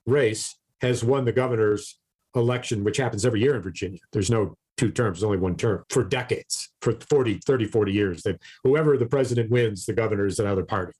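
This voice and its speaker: A man's voice: on the low side, fast, darkish tone, breathy edge. A man co-hosting a casual podcast, ranting animatedly about politics, swearing freely and often repeating his words. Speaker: podcast co-host.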